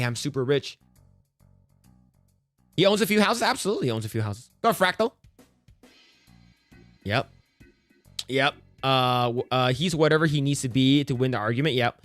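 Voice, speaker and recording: A man's voice: mid-range voice, fairly bright tone, clean tone, no echo. A man streaming casual reaction commentary, ranting bluntly and profanely with frequent restarts.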